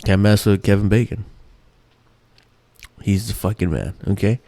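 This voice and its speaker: A man's voice: fairly low pitch, measured pace, creaky, warm tone, no room sound. A man hosting his own show, ranting in a rambling, profane, exasperated way with many restarts. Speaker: podcast host. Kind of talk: casual ranting monologue.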